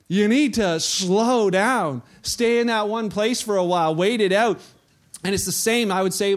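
A man preaching a sermon, telling fishing stories and acting out the voices of the people in them. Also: high-pitched. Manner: storytelling, acts out quoted voices. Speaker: pastor.

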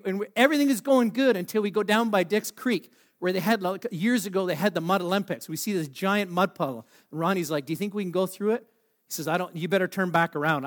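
A man with a high-pitched voice preaching through a funny, self-deprecating story. He jokes with his listeners and stumbles over fillers as he goes. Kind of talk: humorous storytelling sermon.

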